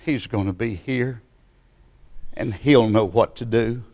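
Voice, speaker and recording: A preacher puts on a tired wife at the end of a hard day. He speaks quietly and sounds hopeful and relieved. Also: mid-range voice, slow. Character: hopeful wife waiting for her husband.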